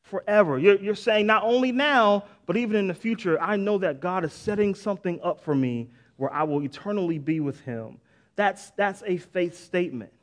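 High-voiced casual male pastor preaching. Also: normal speed. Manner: casual, conversational preaching with filler "man" and "right?"; repeats and restarts, lively bursts of emphasis. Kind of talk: sermon.

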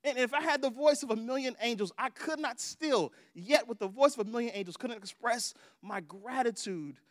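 A man preaching a sermon as pastor, emphatic and repetitive, swinging between hushed and loud passages. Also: very high-pitched, normal speed, no echo, clean studio sound.

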